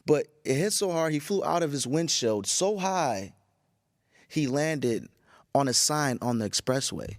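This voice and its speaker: A tired, groggy man hosting a casual solo podcast, rambling with profanity and animated storytelling. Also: on the high side, unhurried, no echo, clean studio sound. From Chicago area. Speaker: podcast host.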